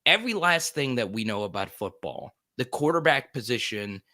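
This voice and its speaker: A man co-hosting a sports talk show, talking in an upbeat, quick way with frequent restarts. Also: mid-range voice, animated, pushed and bright, no echo, clean studio sound.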